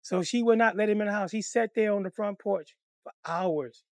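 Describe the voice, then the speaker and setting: A man telling a comic personal story in a profane, animated, conversational way. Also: sits high, normal speed, no room sound, clean studio sound.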